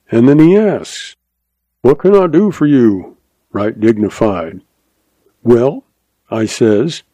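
A man's voice: mid-range voice, mellow, no room sound, poor audio. A man reading an old-west story aloud in a drawling cowboy dialect, plain and dry in manner. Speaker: narrator.

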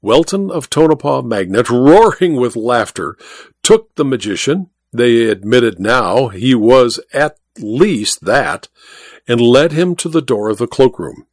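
A man narrating a story as an audiobook reader, with measured, expressive storytelling on a close mic. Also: medium pitch, no room sound. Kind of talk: scripted narration.

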